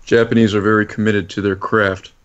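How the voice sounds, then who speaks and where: A man guesting on a podcast in casual chat, speaking in a deadpan monotone with a slight mumble. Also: on the low side, a little fast, highs cut off, a little hiss or hum.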